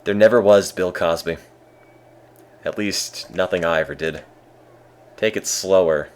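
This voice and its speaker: Deadpan male game streamer, very low voice, dry humor, faint ambience behind. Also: unhurried, a little hiss or hum. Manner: deadpan, dry self-mocking. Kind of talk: casual live-stream commentary.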